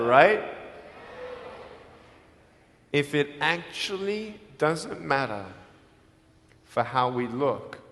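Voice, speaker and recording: A man with an Australian accent giving a live motivational speech, telling his story emphatically and swinging between loud and hushed. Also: medium pitch, slight background noise. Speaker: motivational speaker. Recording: long hall reverb.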